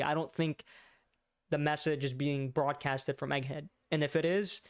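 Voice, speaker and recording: A man's voice: on the high side, smooth. A man recapping and reacting to a manga chapter in casual commentary, full of slang, fillers and stutters.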